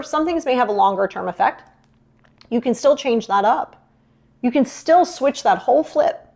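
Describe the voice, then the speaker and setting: Middle-aged woman, higher voice, direct coaching self-help host. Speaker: podcast host. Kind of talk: motivational self-help talk.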